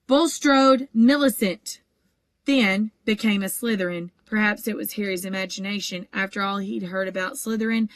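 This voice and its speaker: A woman's voice: medium pitch, dry recording. Woman reading a story aloud, close and dry. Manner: steady, even storytelling with occasional small stumbles. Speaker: audiobook reader. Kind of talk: audiobook narration.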